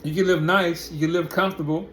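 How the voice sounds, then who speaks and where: A man's voice: a little high, steady tone, fast, fairly bright tone. A man delivers a blunt, profane commentary monologue, firing off one rhetorical question after another. His voice sits a little above the usual for a man. A faint hiss of noise runs under the recording. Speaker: commentary channel host.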